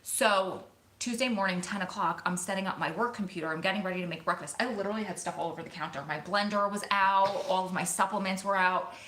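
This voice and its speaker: A woman vlogger telling a story to her viewers in an excited, emotional, rushing way. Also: mid-range voice. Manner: excited, emotional, talks fast in bursts. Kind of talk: casual storytelling to camera. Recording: echoey room.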